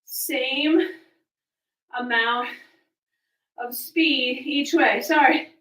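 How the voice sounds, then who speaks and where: Breathless high-voiced woman fitness coach. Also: slow pace, pushed and bright, reverberant, recorded from a distance, poor audio. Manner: counting reps and cueing moves while exercising. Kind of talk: coaching a live home workout. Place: small hot room at home.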